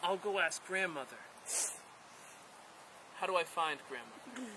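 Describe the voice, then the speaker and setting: A man's voice: high voice, measured pace, noisy background. A man voicing a naive, eager first man full of childlike wonder, told as a story. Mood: puzzled. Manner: excited, puzzled, childlike wonder.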